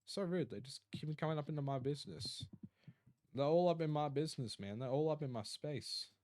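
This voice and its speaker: A man's voice: fairly high pitch, brisk, a little mellow, dry recording, studio quality. A tired Australian man chatting casually on a live stream, rambling and reading out chat messages. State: tired, yawning.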